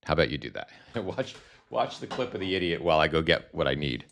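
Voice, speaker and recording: A man's voice: a bass voice, sing-song, fast talker, gravelly, a bit bright, slight background noise. A man hosting a live stream from home, rambling casually with self-deprecating asides and frequent restarts.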